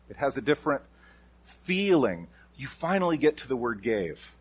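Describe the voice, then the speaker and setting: Husky-voiced man preaching a sermon. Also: mid-range voice, big pitch swings, normal speed. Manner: emphatic, repeats key phrases with shifting stress. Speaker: pastor.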